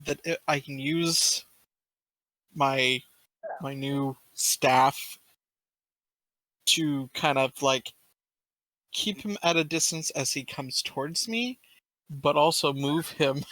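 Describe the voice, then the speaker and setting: Bright-voiced man, dry close sound. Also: on the high side, takes it slowly, pauses often, no echo, poor audio. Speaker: player. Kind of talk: casual tabletop play.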